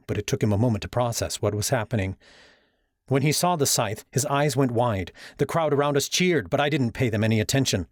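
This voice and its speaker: A man narrating a first-person fantasy novel as an audiobook, in a steady storytelling manner. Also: medium pitch, no echo, studio quality.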